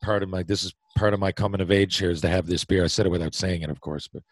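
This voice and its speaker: A man with a Newfoundland accent and a fairly low voice spins a long story as a podcast guest. He rambles, doubles back on his words and drops a casual curse here and there. The sound is close and dry, with no room around it. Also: fairly even intonation, fast talker, no room sound, low-quality recording. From Newfoundland, Canada. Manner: rambling, self-interrupting storyteller who swears and laughs easily. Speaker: podcast guest, former hockey player.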